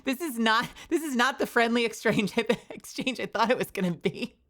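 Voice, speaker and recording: A woman's voice: fairly high pitch, expressive, moderate pace, a bit bright. A young woman streaming casually, bubbly and rambling, often laughing. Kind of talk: casual livestream chat.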